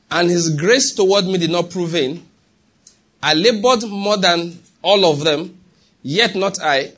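A man's voice: sits high, a bit bright, husky. A middle-aged man with a Nigerian accent preaching a sermon, emphatic and often asking his listeners questions. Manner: emphatic, asks the congregation questions. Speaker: pastor.

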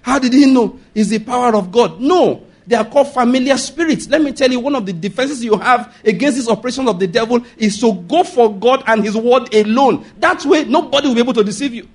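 A Nigerian-accented man preaching a sermon, animated, laughing often and asking the congregation if they follow. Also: extremely high pitch, a little fast, hardly any pauses, breathy edge.

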